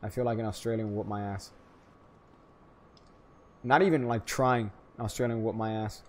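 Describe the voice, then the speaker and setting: A young man from Florida giving casual gameplay commentary, rambling and joking, with sudden loud hyped outbursts. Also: medium pitch, normal speed, long pauses. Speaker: gaming streamer.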